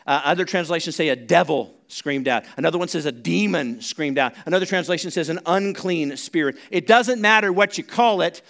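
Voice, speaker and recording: Bright-voiced preacher, high for a man. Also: brisk, creaky, hardly any pauses. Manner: conversational, builds to loud emphatic preaching. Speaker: pastor. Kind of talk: sermon. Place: church sanctuary.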